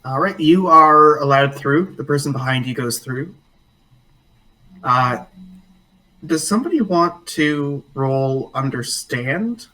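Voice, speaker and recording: A man running a tabletop game as game master, narrating in a relaxed way full of fillers. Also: fairly high pitch, slow pace, recorded from a distance, poor audio.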